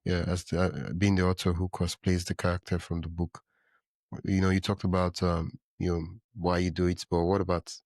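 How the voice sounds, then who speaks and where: A man hosting a podcast, with a very deep voice recorded close and dry. He asks rambling questions and hesitates as he searches for the words. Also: level tone, normal speed, a little mellow, dry recording. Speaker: podcast host. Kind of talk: casual interview chat.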